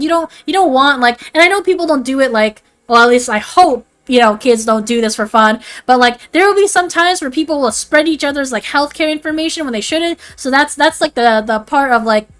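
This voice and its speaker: A young woman with a high voice chats on a livestream, rambling and animated. She leans on filler words, swears freely and keeps the talk loose and unscripted. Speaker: VTuber streamer. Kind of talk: casual livestream chat.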